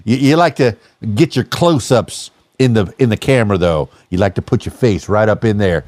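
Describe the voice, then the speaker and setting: A man's voice: fairly low pitch, moderate pace, few pauses, darkish tone, no room sound. A man hosting a casual podcast, playful and teasing, rambling with lots of fillers. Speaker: podcast host.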